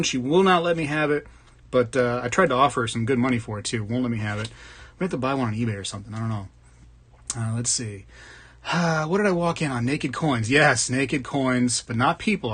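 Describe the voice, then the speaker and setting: A man with a medium-pitched, slightly bright, husky voice hosts a casual livestream. He greets viewers by name and jokes around while reading comments from the chat.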